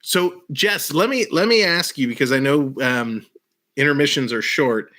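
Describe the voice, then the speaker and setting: A man's voice: mid-range voice, moderate pace, pushed and bright. A man hosting a livestream in casual chat, upbeat and laughing often. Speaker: livestream host.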